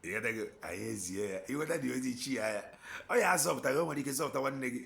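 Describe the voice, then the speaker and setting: A man's voice: mid-range voice, animated, rapid-fire, vocal fry, fairly bright tone. A man with an Igbo Nigerian accent preaching an impassioned sermon, exhorting with rhetorical questions and slipping in and out of Igbo.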